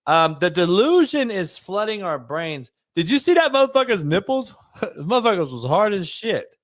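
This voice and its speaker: A young man hosting a casual sports podcast, profane and animated, acting out scenes as he talks. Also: sits high, moderate pace, no room sound, clean studio sound. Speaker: podcast host. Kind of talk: casual comedic sports talk.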